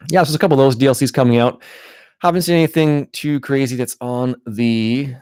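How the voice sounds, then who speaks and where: A man hosting a casual live-stream chat, rambling and relaxed, with frequent restarts and fillers. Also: medium pitch, brisk, smooth, no room sound, clean studio sound. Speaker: gaming channel host.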